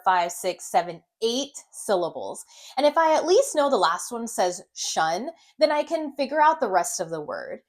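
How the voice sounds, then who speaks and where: A woman teaching reading in an instructional video lesson, slowly and deliberately sounding out the syllables of long words. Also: mid-range voice.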